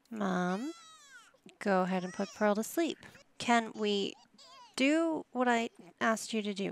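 A woman chats her way through a life-sim game, telling her characters what to do like a patient but slightly exasperated parent. She speaks slowly, with a gravelly fry in her mid-pitched voice. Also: a little hiss or hum. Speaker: gaming channel host. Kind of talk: casual gameplay commentary.

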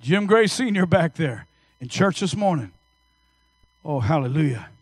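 Male preacher in his fifties, high voice, dry close sound, energetic storytelling sermon. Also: unhurried, slightly rough, dry recording. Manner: energetic storytelling preacher, swings from hushed to loud. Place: church service.

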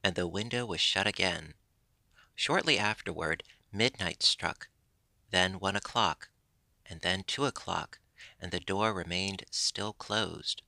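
A man reading a classic children's story aloud as narration, steady and expressive. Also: sits low, takes it slowly, creaky, dry recording. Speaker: audiobook reader.

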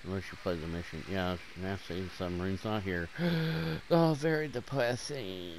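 A man giving rambling, joking commentary over his gameplay, swearing often and jumping between loud bursts and mumbled asides, wired on caffeine. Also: deep voice, unhurried, a little hiss or hum.

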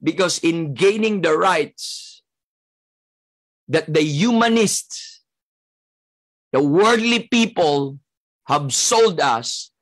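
A man's voice: fairly high pitch, expressive, extremely slow, pauses often. A man with a Filipino accent preaching a sermon as pastor, emphatic and repetitive, breaking up his points with "Amen.".

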